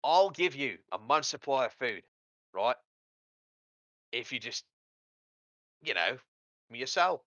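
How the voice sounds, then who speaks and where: A man's voice: mid-range voice, sing-song, takes it slowly, pauses often, sharp tone, no room sound, heavily acted. Brief: man playing an Australian-accented imp, persuasive deal-maker, slightly raised voice, dull dry recording. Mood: coaxing. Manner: coaxing, persuasive. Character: wheedling male imp devil making a deal.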